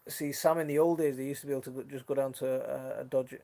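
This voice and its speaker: A man's voice: mid-range voice, steady tone, fast, gravelly, warm tone. A man with a mixed Leeds and Sheffield accent hosts a casual gardening live stream on his phone from his kitchen. He chats in a friendly way, reads out viewer comments and trails off into restarts. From Northern England. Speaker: gardening channel host.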